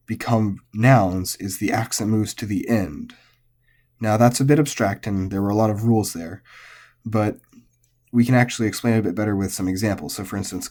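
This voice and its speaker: A man explaining Japanese pitch accent in a patient, methodical lesson, with frequent fillers. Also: a little mellow. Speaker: language teacher.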